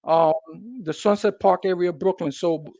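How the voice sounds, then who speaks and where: High-voiced streetwise New man. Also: steady tone, moderate pace, mellow, no room sound. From New York City. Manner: streetwise slang, emphatic. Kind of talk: casual conversation.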